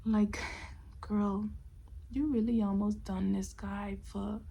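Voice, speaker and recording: Gravelly-voiced young woman telling a story. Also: medium pitch, slow, slight background noise. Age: 20s. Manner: expressive, often dropping to a whisper. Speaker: storytime vlogger. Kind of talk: casual storytelling.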